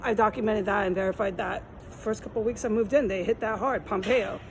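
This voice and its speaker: A woman records herself on a phone while resting on a city street corner, hot and tired from the heat. She rambles on in an aggrieved, repetitive way, circling back to the same complaints. Faint traffic hums behind her, and her voice sits at a middling pitch. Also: steady tone, brisk, low-quality recording. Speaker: vlogger. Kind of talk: rambling walk-and-talk vlog.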